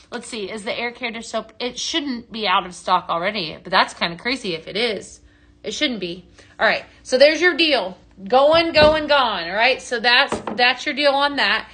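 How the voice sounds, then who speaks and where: A woman's voice: on the high side, sharp tone. A woman hosting a live product sale, talking in a rambling, upbeat way and answering viewers by name. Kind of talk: chatty live-stream selling.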